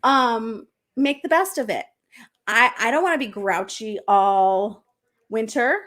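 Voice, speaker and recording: A middle-aged woman hosting a casual group video chat, chatty, animated and laughing often as she tells stories. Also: on the high side, slow pace. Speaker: host.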